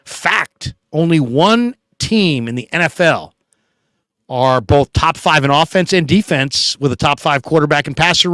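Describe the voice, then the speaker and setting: A man's voice: fairly high pitch, a bit bright, dry recording, clean studio sound. A middle-aged man hosting a casual live stream, chatting in a laid-back way as he answers viewer comments. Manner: chatty, laid-back, reads comments aloud with quick asides. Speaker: podcast host reading viewer comments.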